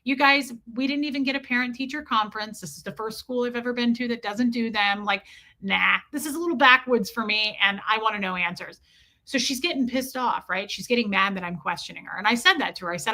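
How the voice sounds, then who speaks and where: A woman streamer telling a story in a casual, animated way, stopping now and then to greet viewers. Her voice sits a bit high with a bright, sharp edge. She talks in loose, run-on sentences full of "like.". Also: fairly quick. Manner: chatty and animated, greets chat mid-story, heavy use of "like". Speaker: streamer and parent.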